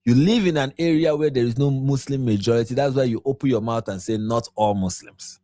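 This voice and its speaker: A man's voice: medium pitch, brisk, mellow, no room sound. A man from Nigeria hosting a late-night commentary livestream, tired and yawning, pressing his points with repeated rhetorical questions. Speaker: livestream host.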